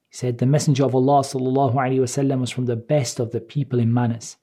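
Male Islamic teacher, husky warm tone, reads Arabic then explains in English, measured delivery. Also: mid-range voice, little pitch movement. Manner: measured, repeats phrases while explaining. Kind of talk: religious lecture explaining a hadith.

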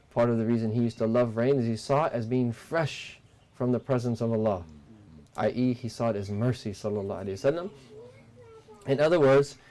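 A man giving a religious lesson, explaining a text in measured teaching talk and mixing in Arabic terms. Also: mid-range voice, a little mellow. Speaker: Islamic teacher.

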